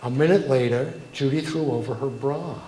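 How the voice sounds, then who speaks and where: An older man spins wry cabaret stories in a relaxed, conversational way. His voice sits at a middle pitch, with a roomy echo from the venue. A faint wash of room ambience stays underneath. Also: normal speed, slight background noise. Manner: wry, conversational anecdote-telling. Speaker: cabaret singer-songwriter. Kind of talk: cabaret storytelling between songs.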